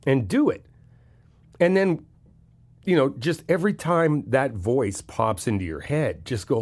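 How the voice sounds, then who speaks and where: Male best friend for a comfort audio, animated and frank, casual swearing, reassuring. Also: medium pitch, measured pace. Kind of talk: comfort audio role-play.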